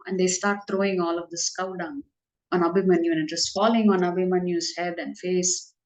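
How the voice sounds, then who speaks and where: A woman telling devotional stories in a lively, animated way as the speaker of a spiritual class. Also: lowish voice, fairly quick, poor audio. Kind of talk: devotional storytelling.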